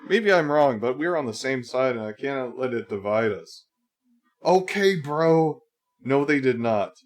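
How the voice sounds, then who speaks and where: A man's voice: medium pitch, lively intonation, unhurried. A man hosting a livestream, casually reacting to videos with dry, mocking remarks and frequent laughter.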